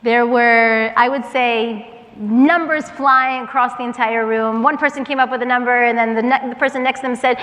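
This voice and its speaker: A woman with a slightly higher voice recounts a story from a gala stage, earnest and reflective. Her words carry a long hall reverb. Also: steady tone, normal speed, fairly bright tone. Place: large banquet hall.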